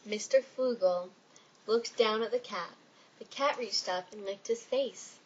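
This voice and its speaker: A woman reading a children's story aloud in an expressive storytelling manner. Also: mid-range voice, unhurried, highs cut off, slight background noise. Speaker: reader.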